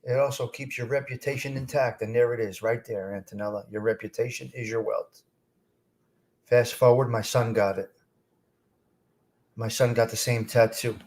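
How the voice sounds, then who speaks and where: A man's voice: mid-range voice, normal speed, long pauses. A middle-aged man hosting a casual live stream, talking bluntly and straight to his chat. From North Jersey. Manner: animated, blunt, streetwise, talks straight to chat.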